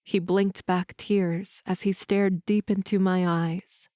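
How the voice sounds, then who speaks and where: A woman narrating an audiobook in the first person with calm, even storytelling. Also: mid-range voice, slow pace, few pauses, dry recording, studio quality.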